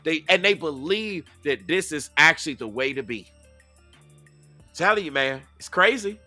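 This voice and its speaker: A man with a high, lively voice delivers heated commentary, slangy and confrontational. He keeps circling back to the same points with rhetorical questions, sounding bright and dry against faint music. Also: normal speed. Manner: loose slangy talk aimed at the audience. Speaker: commentator reacting to video clips.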